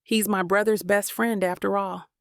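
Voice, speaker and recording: A woman narrating a first-person romance audiobook in an even, steady reading voice. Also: medium pitch, moderate pace, dry recording, studio quality.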